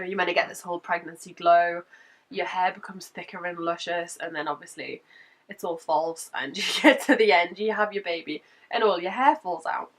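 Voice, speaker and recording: Woman vlogger, croaky from a cold, chatty and giggly, sits back from the mic. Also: fairly low pitch, fairly bright tone, distant mic. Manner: chatty, laughs between points. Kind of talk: casual chatty update.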